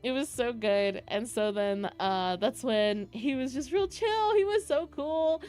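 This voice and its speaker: Excitable rambling young woman streamer. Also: fairly high pitch, unhurried, faint music behind. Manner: excitable rambling storytelling with fillers. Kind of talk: casual chat with live chat.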